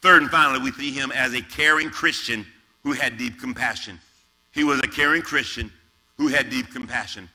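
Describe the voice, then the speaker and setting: A man's voice: medium pitch, moderate pace, pushed and bright. A man preaching a sermon as pastor, reading scripture dramatically with varied emphasis. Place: large church sanctuary. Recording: reverberant church hall with faint music.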